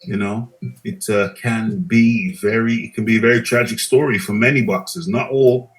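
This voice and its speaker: A man's voice: fairly low pitch, normal speed, rough recording. A man hosting a live boxing chat show, musing casually and reading out viewer comments. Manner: relaxed, musing, reads viewer comments aloud.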